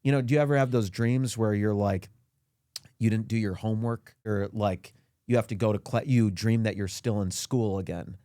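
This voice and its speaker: A man as a podcast guest in a comedic rant, indignant and self-pitying, his voice climbing high as he complains. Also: moderate pace, mellow, dry recording, clean studio sound. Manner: indignant, whiny self-pity, voice climbs high when ranting. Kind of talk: comedic mock interview rant.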